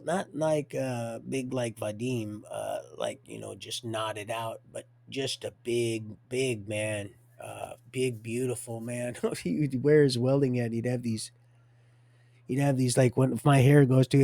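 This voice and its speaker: Gravelly rambling male streamer. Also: medium pitch, a little mellow, no echo. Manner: rambling, restarts often, religious talk. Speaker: livestreamer. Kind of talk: rambling personal monologue.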